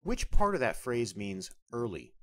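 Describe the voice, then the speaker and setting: A man's voice: mid-range voice, very animated, measured pace. A man teaching a beginners' language lesson, asking questions and then repeating each answer twice, patiently.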